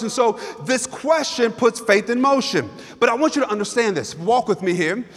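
A man's voice: high voice, fairly bright tone. A man preaching a sermon as a pastor, fervent and emphatic, repeating his key lines for effect. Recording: long hall reverb.

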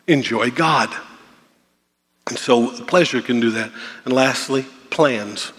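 A man's voice: medium pitch, slow, pauses often, fairly bright tone. A man preaching a sermon as a pastor, asking rhetorical questions, repeating key words and acting out the worries of his listeners. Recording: long hall reverb.

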